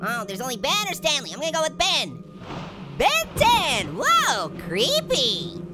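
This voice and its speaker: A man's voice: extremely high pitch, huge pitch swings, measured pace, heavily acted. A man voicing a wisecracking male talking orange as a cartoon character, chattering and punning between giggles while commenting on a game. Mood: goofy. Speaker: gaming channel host. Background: loud game music.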